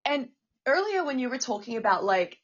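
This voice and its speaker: A woman's voice: a little high, big pitch swings, a little fast, breathy edge, muffled recording. A woman co-hosting a casual podcast, talking with feeling, stammering and swearing a lot. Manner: emotional, stammering, swears often. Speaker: podcast co-host.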